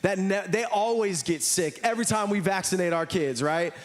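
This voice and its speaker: A man's voice: high-pitched, moderate pace. An American man preaching a sermon to a church, telling stories and acting out the voices of the people in them. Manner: animated storytelling, acts out voices. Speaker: pastor.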